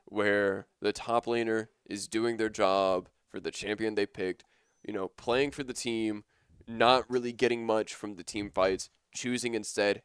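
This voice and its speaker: A man's voice: lowish voice, fairly even intonation, measured pace, smooth, no echo, studio quality. Casual young male esports caster. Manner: casual, rambling, enthusiastic. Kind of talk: live esports commentary.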